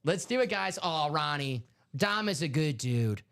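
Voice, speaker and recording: A man hosting a live sports card break stream, chatting casually and excitably with lots of fillers. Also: on the high side, measured pace.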